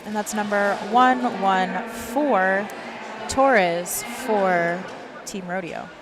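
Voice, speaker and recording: A woman's voice: medium pitch, a crowd in the background. Woman calling live roller derby play. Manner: brisk, reels off player numbers and names. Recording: noisy venue background.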